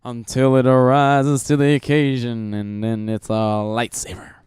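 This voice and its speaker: A young man hosting a podcast, telling a story in an animated, crude, joking way and laughing often. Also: mid-range voice, unhurried, clear, resonant tone, no room sound, studio quality. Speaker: podcast host. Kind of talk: casual storytelling.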